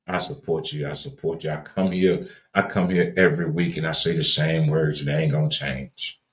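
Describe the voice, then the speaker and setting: A deep-voiced Louisiana man with a Southern drawl gives a preachy motivational talk on his livestream at a normal speed. His folksy, repetitive cadence leans hard on words, earnest and emphatic as it builds to raised emphasis, with noticeable room echo.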